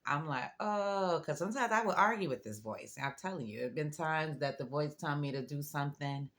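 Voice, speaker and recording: A woman's voice: low-pitched, animated, fairly quick, a bit bright. A woman talking straight to her audience in a casual spiritual monologue, chatty and storytelling, full of asides and little laughs. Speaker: vlogger.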